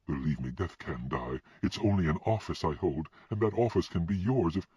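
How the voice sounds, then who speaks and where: A man's voice: sits low, animated, normal speed, mellow, slightly rough, no room sound, heavily acted. A man voicing an earnest young man who serves as Death in an audiobook, speaking in a pleading, urgent way. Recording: dull lo-fi recording.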